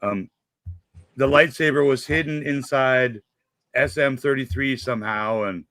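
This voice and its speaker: A man's voice: mid-range voice, unhurried, a bit bright, no echo, clean studio sound. A man co-hosting a casual after-show chat, rambling and retelling scenes. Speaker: podcast co-host.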